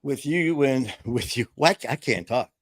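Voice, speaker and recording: A man's voice: medium pitch, lively intonation, normal speed, dry recording, studio quality. A man hosting a casual live-stream chat, rambling and jokey, acting out quotes as he tells stories. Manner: jokey, rambling storyteller who acts out quotes. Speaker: host.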